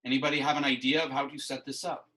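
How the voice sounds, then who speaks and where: A man's voice: medium pitch, little pitch movement, quick pace, pushed and bright, low-quality recording. A man teaching a math class, explaining ideas with frequent restarts and asides. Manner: explanatory, rambling with many restarts. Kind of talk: classroom instruction.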